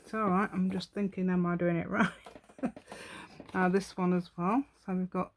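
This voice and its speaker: A woman's voice: on the low side, little pitch movement, normal speed, a little hiss or hum. A woman hosting a crafting tutorial, chatting as she works, rambling and laughing often. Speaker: craft channel host.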